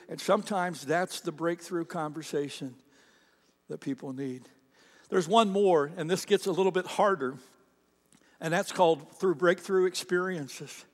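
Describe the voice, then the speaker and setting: A man's voice: sits high, big-room sound. A male pastor preaching a sermon in a conversational way, acting out the quotes in character voices.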